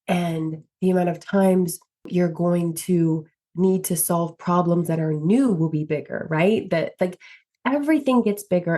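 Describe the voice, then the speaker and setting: A woman's voice: fairly low pitch, dark tone. A woman in her thirties hosting a solo podcast, talking earnestly and emphatically with lots of filler words. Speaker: podcast host.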